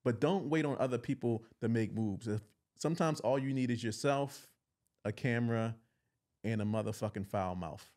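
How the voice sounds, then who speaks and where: A man who is a guest on a podcast, talking in casual chat in a playful, joking, animated way. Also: mid-range voice, normal speed.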